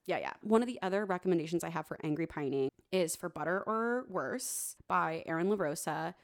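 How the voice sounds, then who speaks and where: A woman's voice: fairly low pitch, lively intonation, a little fast. A young woman co-hosting a casual book podcast, chatting animatedly and swearing freely. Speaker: podcast co-host. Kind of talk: casual chat.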